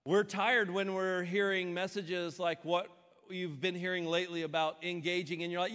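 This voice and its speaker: Slightly high-voiced male pastor in a reverberant hall. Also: steady tone, moderate pace. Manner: storytelling, shifts between low mock-weary impressions and bright emphatic delivery. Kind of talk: sermon.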